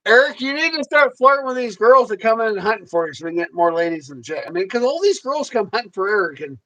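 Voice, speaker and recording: A man's voice: high voice, very animated, fast talker, sharp tone, low-quality recording. A man with a Southern US accent hosting a livestream, joking and teasing his co-host in casual chat.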